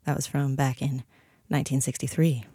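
A woman radio DJ back-announcing a music set in a relaxed, easy way, with soft breathy asides, on a studio mic. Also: rumbling low, normal speed, no room sound. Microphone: studio broadcast mic.

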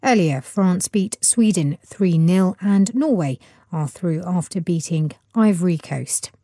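A woman reads a radio news bulletin in a measured, formal manner. Her voice is low, dark and mellow. The sound is dry and close, with no room echo. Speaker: newsreader.

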